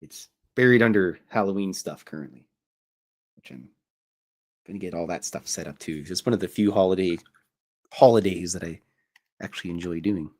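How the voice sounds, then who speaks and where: Low-voiced Canadian man rambling. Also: moderate pace, pauses often, a little mellow. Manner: meandering, self-interrupting, jokey. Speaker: cartoonist and show host. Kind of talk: rambling casual storytelling.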